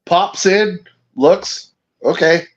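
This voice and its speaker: A man who is a regular on the show, making teasing, deadpan remarks in casual banter. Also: high voice, drawn-out words. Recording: dull lo-fi mic.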